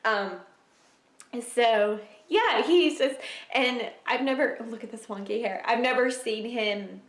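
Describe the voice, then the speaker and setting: A young woman vlogger chatting casually to camera at home, emotional and quick to laugh. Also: on the high side. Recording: echoey room.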